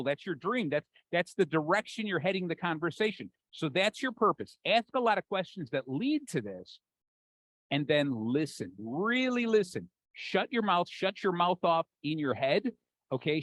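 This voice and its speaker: A man with an American accent giving an animated, jokey conference talk, acting out the voices in his head. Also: on the high side, no room sound, rough recording. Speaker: keynote speaker. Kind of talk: conference talk to a live audience.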